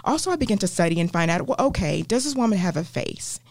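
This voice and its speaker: A woman with a Southern US accent, a guest teaching the Bible in an interview, earnest and animated with many ums and restarts. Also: on the low side, fast talker, creaky, no echo. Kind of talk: faith podcast interview.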